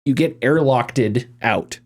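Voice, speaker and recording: A man talking casually on a gaming podcast, animated and rambling, often restarting his sentences. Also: mid-range voice, slow pace. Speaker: podcast host.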